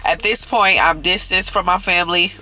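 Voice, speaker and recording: A man in his thirties tells a confessional story for his vlog, earnest and openly emotional. His voice is sharp and bright, and it sits a little high. He keeps checking in with the listener as he talks. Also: steady tone, moderate pace, faint music behind, rough recording. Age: 30s. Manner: earnest, emotional, repeats "okay?". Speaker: vlogger.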